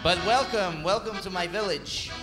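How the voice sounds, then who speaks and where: A man's voice: fairly high pitch, expressive, measured pace, long reverb tail, over music. A man voicing a flamboyant, pushy, hospitable village host in a thick put-on accent. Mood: welcoming.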